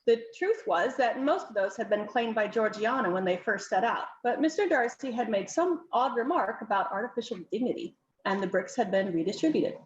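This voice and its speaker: A woman's voice: on the high side, lively intonation, a little fast, reverberant, dull audio. A woman author reading her own novel aloud in an informal, non-professional way. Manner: informal, self-correcting reading.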